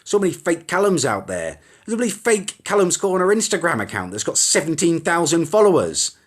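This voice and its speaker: Fairly high-pitched and sing-song, this young man's voice moves fairly quickly as he rambles through a casual live stream. He chats away, reads viewer comments aloud and reacts as they scroll past, swearing mildly, over what sounds like a phone or webcam mic.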